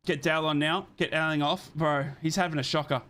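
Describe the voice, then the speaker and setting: A young man streaming a live football watchalong, calling the match play by play and reading out chat messages, excitable and swearing freely. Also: fairly high pitch, a little fast.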